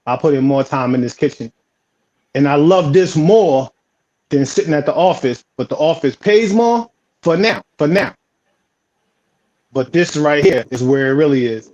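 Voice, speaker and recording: A man's voice: on the high side, animated, normal speed, pauses often, darkish tone. A man with a New York accent, a home baker and guest, telling his story casually and stammering a bit at the start of phrases. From Philadelphia, raised on Staten Island. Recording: dull lo-fi audio.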